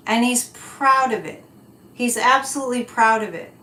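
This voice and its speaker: A woman's voice: fairly high pitch, bright, forceful tone. A woman hosting a psychic livestream in casual chat, reading viewer comments and speaking in an indignant, emphatic way. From United States. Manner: indignant, emphatic, slow and deliberate. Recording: echoey room.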